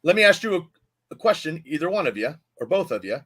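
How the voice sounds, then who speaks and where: A man's voice: a little high, very animated, quick pace, a bit bright, husky. A man co-hosting a casual sports podcast, joking and laughing easily. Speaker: podcast co-host.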